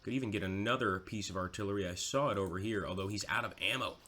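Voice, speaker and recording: A man's voice: fairly low pitch, fast talker, bright, forceful tone. A man giving casual, chatty commentary over a strategy game, mocking himself now and then.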